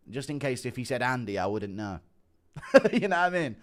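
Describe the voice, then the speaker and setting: A man talks casually into a streaming mic, reacting to his chat in a relaxed, easygoing way. He chuckles often and reads messages aloud. His voice sits at an ordinary pitch. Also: fast.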